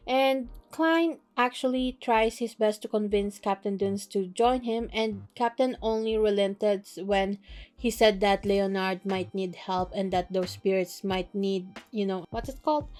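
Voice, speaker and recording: A woman casually recapping a novel chapter by chapter, chatty and quick to laugh, with plenty of fillers. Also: mid-range voice, darkish tone. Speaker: book recap creator.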